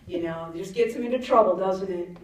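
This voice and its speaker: A woman in her fifties, a mom, does a chatty stand-up comedy set in a mid-range voice at a fast clip, laughing at her own jokes and asking the crowd questions. The recording is echoey, with the mic far off and faint ambience from the venue.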